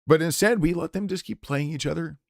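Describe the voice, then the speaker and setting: A man's voice: fairly high pitch, fairly quick, creaky, dry recording, studio quality. A man streaming live, delivering an impassioned, profanity-laced rant in a blunt, unscripted way. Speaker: game streamer.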